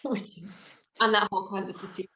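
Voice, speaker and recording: A woman's voice: medium pitch, fairly even intonation, moderate pace, sharp tone, slight background noise, rough recording. A woman co-hosting a podcast, chatting casually about football in a chatty way. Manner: chatty, many fillers and restarts, laughs easily. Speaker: podcast co-host. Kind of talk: casual sports chat.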